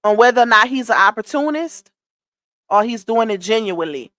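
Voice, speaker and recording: Brief: woman live streamer doing gossip commentary, chatty, greets chat by name, a little high, dry close sound. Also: lively intonation, fairly quick, a bit bright, no room sound.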